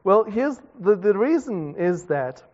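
A South African pastor preaches a conversational sermon full of self-deprecating asides, his high, sing-song voice slow and a little mellow. The recording comes from a dull, reverberant hall.

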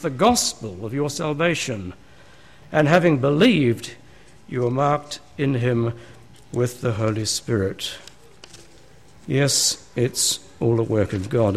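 A man's voice: medium pitch, lively intonation, slow. A man, a pastor preaching a sermon in a church, talking conversationally and asking his listeners rhetorical questions.

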